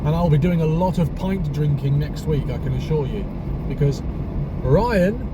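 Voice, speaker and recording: A travel vlogger muses and rambles aloud while driving. His voice sits a little high for a man. Heavy engine and road noise rumble under everything he says. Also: lively intonation, moderate pace. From Britain. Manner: chatty, rambling musings to camera. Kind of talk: casual vlog chat. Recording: loud car and road noise. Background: loud road and engine noise.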